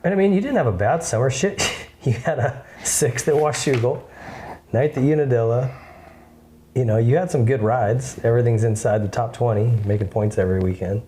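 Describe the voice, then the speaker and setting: A man's voice: mid-range voice, fairly quick, mellow, a little hiss or hum. A man hosting a casual interview, laid-back and swearing now and then. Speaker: podcast host.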